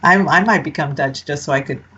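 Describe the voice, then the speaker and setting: A woman hosting an online radio show, chatty and quick to laugh in casual banter. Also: low-pitched, pushed and bright, breathy edge. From Puerto Rico. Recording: dull lo-fi online radio audio.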